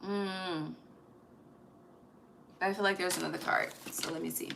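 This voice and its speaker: A woman's voice: medium pitch, fairly even intonation, unhurried, vocal fry, very noisy. A woman giving a casual, emphatic tarot reading, swearing freely and dropping slangy asides. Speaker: tarot reader. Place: home at night.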